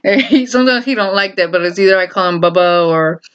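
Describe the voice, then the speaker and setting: A woman's voice: medium pitch, quick pace, clean tone. A woman vlogger telling a story in a casual, rambling way, full of fillers and laughter. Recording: dull lo-fi recording.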